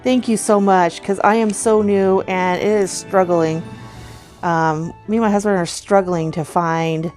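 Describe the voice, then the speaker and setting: A middle-aged woman chatting casually as she unboxes giveaway gifts, gushing with excited oohs and soft gasps. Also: medium pitch, a little slow, soft background music. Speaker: vlogger unboxing a giveaway box.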